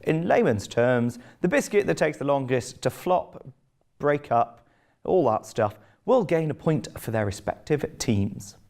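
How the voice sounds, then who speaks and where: A man's voice: on the high side, big pitch swings, a little slow, darkish tone. Theatrical game show host, a man. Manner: theatrical, mock-grand announcing. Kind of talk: comic game show hosting.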